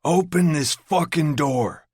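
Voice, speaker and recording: Man playing a raging, cursing young man, raised pitch, loud; audiobook character. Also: very animated, normal speed, no echo, studio quality. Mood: furious. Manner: shouting, profane.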